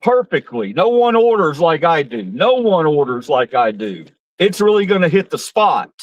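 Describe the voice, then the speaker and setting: A man imitating a boastful braggart, grandiose repetitive superlatives, lifted pitch, very lively delivery. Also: normal speed, no room sound, muffled recording. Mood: mock bragging. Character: boastful grown man bragging about everything.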